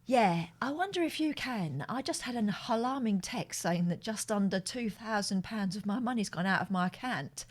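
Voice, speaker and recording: A woman's voice: medium pitch, expressive, normal speed, hardly any pauses, voice pushed down, close to an everyday voice. A woman playing a panicking man pleading over lost money and a new baby, overwrought and near tears. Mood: worried.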